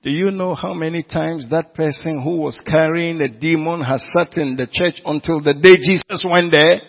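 A man's voice: on the high side, moderate pace, creaky, highs cut off. A man preaching a sermon as pastor, pressing the congregation with repeated questions.

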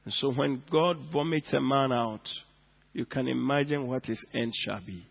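A man preaching a sermon in a church, swinging from hushed lines to loud ones and drawing out words for emphasis. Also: medium pitch, moderate pace, creaky. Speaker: pastor. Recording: dull lo-fi sound with long hall reverb.

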